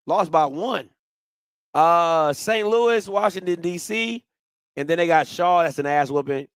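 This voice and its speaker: A man's voice: high-pitched, lively intonation, measured pace, fairly bright tone, dry recording. A man hosting a casual sports talk show, reading out team schedules and reacting aloud with exclamations. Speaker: podcast host.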